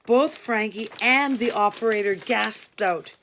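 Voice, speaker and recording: A woman reading a novel aloud in an expressive way, doing voices for the characters. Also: medium pitch, a little slow, creaky, a little hiss or hum. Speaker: audiobook reader.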